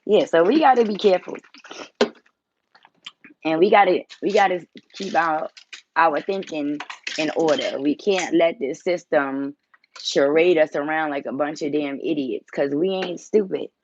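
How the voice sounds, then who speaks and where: A woman's voice: low voice, measured pace, muffled recording, slight background noise. Blunt woman chatting on a home livestream. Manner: blunt, teasing, swears freely. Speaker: tarot reader and channel host. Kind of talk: casual livestream chat.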